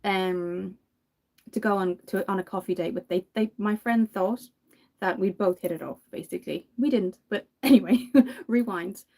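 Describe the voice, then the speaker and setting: Mellow-voiced Irish woman chatting. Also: mid-range voice, moderate pace, gravelly. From Ireland. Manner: chatty storytelling, laughs often. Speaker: makeup vlogger. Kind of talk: casual chat while doing makeup.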